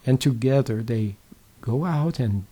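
Male spiritual teacher, gentle folksy talk, warm husky voice. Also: mid-range voice, expressive, unhurried. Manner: gentle, repeatedly checks in with the listener; folksy storytelling with many fillers and restarts.

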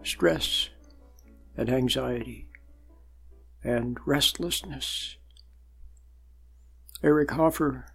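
Husky older man giving a spiritual talk. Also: medium pitch, a bit bright. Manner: measured and emphatic, with repeated phrases and long pauses. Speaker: spiritual teacher.

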